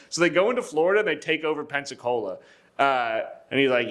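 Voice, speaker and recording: A man's voice: on the high side, expressive, quick pace, a bit bright. A young man co-hosting a podcast, telling history in a loose, profane way, acting out quotes in jokey voices and laughing often. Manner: laughs often, many fillers and restarts. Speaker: podcast co-host. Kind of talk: casual history storytelling.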